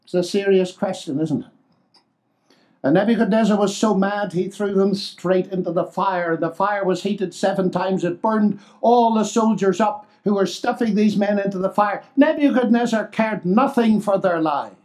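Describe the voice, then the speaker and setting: An older man preaching a sermon, expressive and exclamatory, swinging between loud declarations and hushed asides. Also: sits high, moderate pace.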